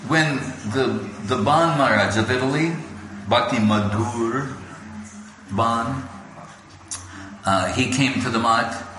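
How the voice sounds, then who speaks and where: A man giving an informal devotional talk to a gathering, telling stories and acting out other people's voices. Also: medium pitch. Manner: storytelling, acts out quoted voices. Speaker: spiritual lecturer. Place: gathering hall. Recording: echoey room with faint background noise.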